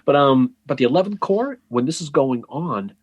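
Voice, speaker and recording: A man's voice: mid-range voice, lively intonation, moderate pace, darkish tone, dry recording, muffled recording. A man co-hosting a casual history podcast, telling the story with jokes, asides and restarts. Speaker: podcast co-host.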